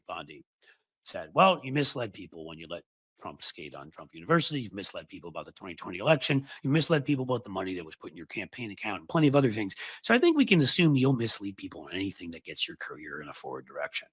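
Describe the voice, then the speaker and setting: A man's voice: low-pitched, big pitch swings, fast, slightly rough, dry recording. A man hosting casual political commentary, talking in a sarcastic, mocking way.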